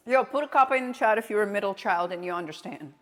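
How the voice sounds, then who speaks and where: A woman's voice: medium pitch, expressive, fast, a bit bright, faint music behind. Young woman streamer just chatting, swears a lot, long echo in the room. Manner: blunt, swears freely, storytelling. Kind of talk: casual chat with viewers.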